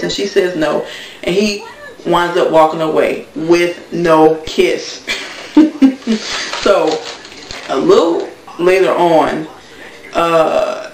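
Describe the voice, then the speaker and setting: Gravelly woman in an echoey room. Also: fairly low pitch, distant mic, slight background noise. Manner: blunt, gossipy, talks straight to viewers. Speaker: TV recap vlogger. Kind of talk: casual episode recap.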